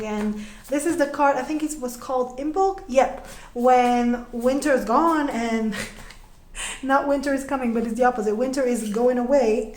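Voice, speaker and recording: High-voiced chatty woman tarot reader. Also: a little hiss or hum. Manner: chatty, laughs often, trails off and restarts. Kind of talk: casual tarot reading. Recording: echoey room.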